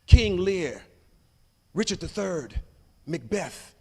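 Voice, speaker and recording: A man delivers a motivational conference speech and tells his stories with dramatic swings in loudness. His voice sits high for a man. The sound carries a long reverb from a large hall. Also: lively intonation, slow, creaky, breathy edge. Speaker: conference keynote speaker.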